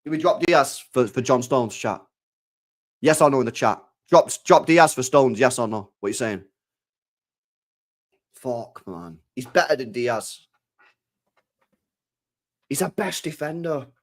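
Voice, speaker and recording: A man, chatting casually to his live-stream chat, excitable and swearing a lot, often swinging between loud and quiet. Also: mid-range voice, unhurried, pauses often.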